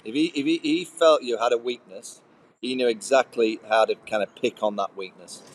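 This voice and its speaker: A man's voice: medium pitch, moderate pace, rough recording. A middle-aged man, a former cricketer, telling casual anecdotes on a podcast with easy laughter. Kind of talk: casual podcast chat, storytelling.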